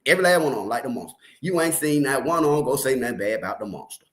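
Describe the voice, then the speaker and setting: A man's voice: mid-range voice, expressive, very fast. A man with a Detroit accent giving casual, slangy commentary on a true crime case, with laughing asides.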